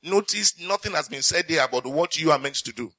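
A man preaching a sermon as pastor, reading scripture slowly and asking the congregation questions he then answers. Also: a little high, lively intonation, sharp tone, no echo, rough recording. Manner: reads scripture slowly and deliberately.

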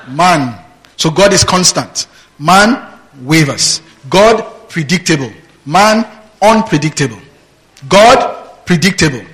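A man preaching a sermon, reading verses aloud and stopping to ask his listeners what comes next. His voice sits somewhat high for a man, and he takes his time over every phrase. He laughs often and asks rhetorical questions. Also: a bit bright, poor audio. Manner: reads scripture aloud and prompts the congregation with "what?". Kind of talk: sermon, Bible teaching.

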